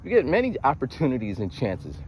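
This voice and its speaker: Rambling, animated young man vlogging. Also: medium pitch, fast, slight background noise. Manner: rambling, animated, full of restarts and acted voices. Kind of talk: casual monologue.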